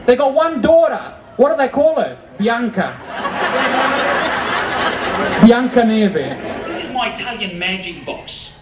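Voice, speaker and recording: A man's voice: extremely high pitch, very animated, moderate pace, heavy background noise. A middle-aged man doing stand-up comedy in a chatty, teasing way, slipping in Italian words. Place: live comedy venue. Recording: roomy live room, mic at a distance, crowd laughter. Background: audience laughing.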